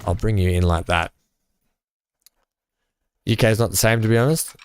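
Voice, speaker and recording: A man's voice: lowish voice, normal speed, clear, resonant tone, no room sound, clean studio sound. A man streaming a building game, chatting casually with viewers and reading chat with many fillers. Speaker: live-streaming gamer. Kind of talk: casual live-stream commentary while building.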